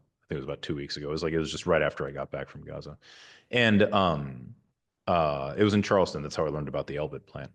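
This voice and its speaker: Deep-voiced rambling man in his forties. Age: 40s. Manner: rambling, many restarts and fillers; candid, wry asides. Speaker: surgeon giving a lecture. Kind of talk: informal university talk.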